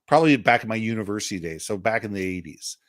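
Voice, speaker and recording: A man in his fifties, originally from Canada, appears as a podcast guest and tells a lively anecdote, leaning into the punchlines. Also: lowish voice, quick pace. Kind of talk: animated storytelling in conversation.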